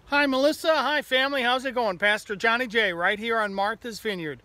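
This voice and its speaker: A man's voice: very high-pitched, fairly quick, pushed and bright, dry recording. A man, a pastor, giving a chatty video greeting from outdoors in his garden.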